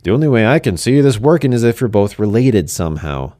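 A man voicing a businesslike male dorm manager who talks in a flat, matter-of-fact way. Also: lowish voice, fairly quick, no echo.

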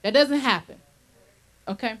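Woman minister, conversational preacher; animated, chuckles between points, slightly high voice. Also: unhurried, rough recording. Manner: animated, checks in with listeners often. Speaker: minister leading a Bible study.

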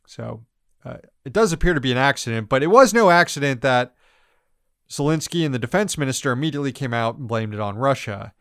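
A male podcast host with a smooth, clear voice who runs through news items in blunt, sarcastic commentary. He laughs often and swears freely. The sound is dry and close. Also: mid-range voice, expressive, a little fast, no room sound.

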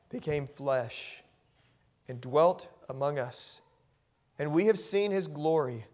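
A man preaching a sermon as pastor, moving from quiet reflective passages to loud, emphatic declarations and often repeating words as he builds. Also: on the high side. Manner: repeats and restarts words when carried along.

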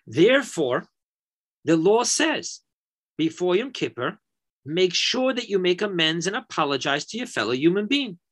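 A man teaching a Torah lesson, an animated and emphatic storyteller. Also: high-pitched.

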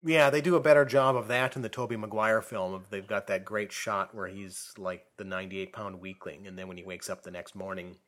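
Man calmly weighing film opinions. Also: fairly low pitch. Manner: measured, opinionated, self-aware about picky points. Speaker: co-host of a movie discussion. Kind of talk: casual chat.

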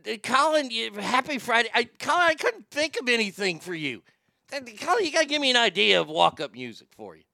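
A man's voice: extremely high pitch, sing-song, a little fast, gravelly, pushed and bright, no echo, clean studio sound. A man hosting a casual morning radio show, reading listener messages in a brash, profane, joking way and often stammering.

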